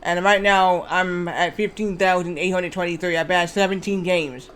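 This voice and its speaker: A man's voice: high-pitched, steady tone, moderate pace, a bit bright. A man streaming a game, chatting in a rambling, casual way with restarts and frequent swearing. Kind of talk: casual gameplay commentary.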